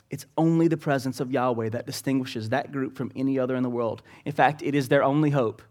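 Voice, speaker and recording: Male pastor, slightly high voice, earnest sermon delivery with rising pleas and hushed emphasis. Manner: earnest preaching, voice rising in pleading passages and dropping for emphasis; repeats phrases, asks the congregation rhetorical questions.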